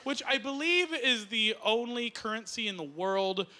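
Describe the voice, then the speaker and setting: A man performing an excitable, jokey stand-up comedy set on stage with a handheld mic, his voice rising to shouts. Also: very high-pitched, normal speed. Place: comedy stage before a live audience. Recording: loud live audience noise.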